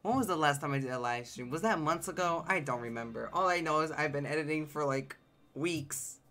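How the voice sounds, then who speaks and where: A young man chatting casually and playfully as the host of a game livestream, quick to exclaim and joke. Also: fairly high pitch, animated, sharp tone. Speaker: game streamer.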